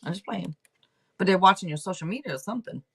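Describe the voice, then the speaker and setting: Lively, direct woman reading tarot. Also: mid-range voice, fast talker, husky. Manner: direct and playful, teasing viewers. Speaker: tarot reader and livestream host. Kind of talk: casual livestream tarot reading.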